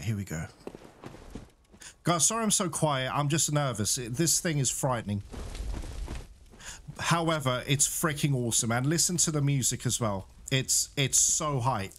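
A man's voice: medium pitch, fairly bright tone, slight background noise. A young man giving casual gameplay commentary, chatty and jittery, with nervous laughs and mild swearing. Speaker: let's play gamer.

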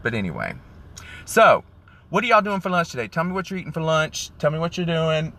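Man, chatty live-streamer, sassy; bright, slightly high voice, phone mic in a car. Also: very animated, brisk. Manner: chatty, sassy, calls viewers y'all and honey. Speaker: vlogger doing a live stream. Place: in a car in the rain.

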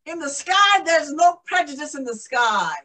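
A woman's voice: high voice, animated, normal speed, bright, forceful tone, recorded from a distance, poor audio. A woman playing a proud, emotional young woman aviator in a first-person living-history monologue. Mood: jubilant. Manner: exclaiming, breathless with joy. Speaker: historical portrayal performer.

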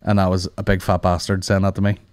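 A man's voice: deep voice, completely flat delivery, fast talker, a little mellow, smooth, no room sound, studio quality. A man hosting a comedy podcast, ranting casually with plenty of swearing and laughing at his own jokes. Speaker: podcast host.

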